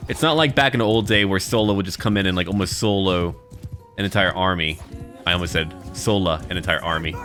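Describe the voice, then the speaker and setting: Deep-voiced man chatting through gameplay. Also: fairly quick, a bit bright, soft background music. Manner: chatty, thinks aloud, playful asides. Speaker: gameplay commentator. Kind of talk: casual let's-play commentary.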